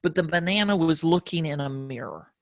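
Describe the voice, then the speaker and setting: A man whose voice sits higher than most men's, telling stories in a reflective, casual conversation as a podcast guest. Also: brisk, gravelly, dry recording, studio quality. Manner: reflective storyteller.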